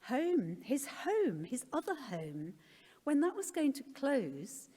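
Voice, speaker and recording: A middle-aged conference speaker shares a frank personal talk with wry jokes at her own expense. She speaks slowly in a high, sing-song voice with a dark tone. A large hall's long reverb surrounds her words.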